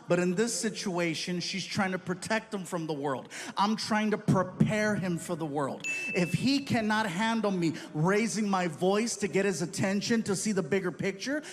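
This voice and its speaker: Male stand-up comic, fairly high voice, animated storyteller, live crowd audible. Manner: animated, jokey, slips into character voices. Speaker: stand-up comedian. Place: comedy club stage. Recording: live club show with loud audience noise.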